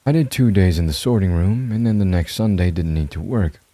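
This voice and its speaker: A man giving a steady, measured scripted narration of a horror story. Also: sits low, no echo.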